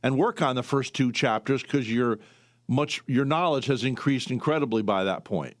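A man hosts an interview and asks long, winding questions, restarting himself and adding fillers. His voice is recorded dry and close, with no room sound, and it sits at an ordinary pitch. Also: normal speed, no echo. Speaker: interview host. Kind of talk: conversational interview.

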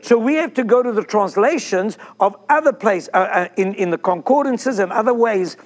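A man preaching an excited sermon, breaking into whoops. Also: sits high, moderate pace. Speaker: pastor.

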